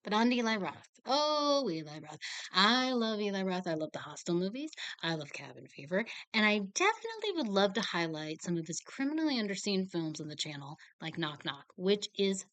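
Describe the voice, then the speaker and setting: Young woman, casual film reviewer, rambling and animated, bright voice, dry close mic. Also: medium pitch, brisk, no echo. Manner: rambling, animated, filler-heavy. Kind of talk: casual chat.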